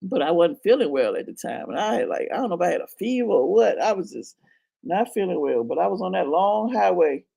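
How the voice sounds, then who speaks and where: A woman's voice: on the low side, animated, a little fast, creaky, warm tone, slightly rough. A woman in her fifties telling a story in a casual chat, frank and profane, laughing as she goes. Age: 50s. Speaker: channel host.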